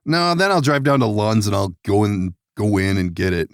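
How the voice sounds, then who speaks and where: A man hosting a podcast, telling rambling stories in casual chat, laughing often and swearing, with sudden hushed and excited turns. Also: on the low side, normal speed, no room sound, studio quality. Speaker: podcast host.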